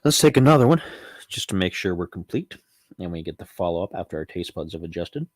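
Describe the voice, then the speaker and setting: A man's voice: sits low, big pitch swings, fast talker, dry recording. A man hosting a casual home review vlog about spirits, talking loosely with many ums and restarts. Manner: rambling, frequent ums and self-corrections. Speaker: channel host reviewing cognac.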